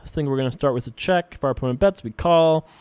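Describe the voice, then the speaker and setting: A man casually commenting on his own online poker play as host, rambling and relaxed with frequent filler words. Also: medium pitch, quick pace, clean tone, dry recording, clean studio sound. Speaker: poker player and show host.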